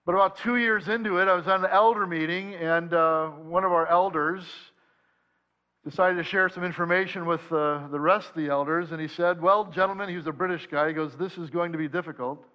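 Lo-fi pastor preaching a sermon. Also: male voice, sits high, steady tone. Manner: measured scripture reading, then conversational storytelling. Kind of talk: sermon with scripture reading.

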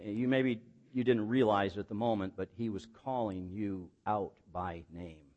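A man's voice: fairly low pitch, fairly even intonation, normal speed, highs cut off. Emphatic man preaching a sermon. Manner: emphatic preaching, rising on key points, many rhetorical questions; plain folksy asides and self-deprecating humor. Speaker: pastor.

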